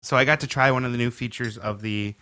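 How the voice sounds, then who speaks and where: A man's voice: medium pitch, steady tone, quick pace, bright, forceful tone, no echo. A young man co-hosting a gaming podcast, easygoing and rambling. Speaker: podcast co-host. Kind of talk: casual chat.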